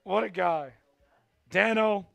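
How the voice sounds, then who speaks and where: A man hosting a live sports stream, calling plays and shouting when his team scores. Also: high-pitched, slow pace, creaky, no echo. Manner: excitable, shouts big plays. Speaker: livestream sports host. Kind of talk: live play-by-play watch-along.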